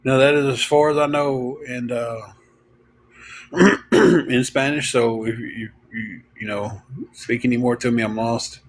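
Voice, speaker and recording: On a livestream, a male host tells rambling stories to his viewers, peppered with fillers and chuckles. His medium-pitched voice is unhurried with long pauses, and the audio quality is poor.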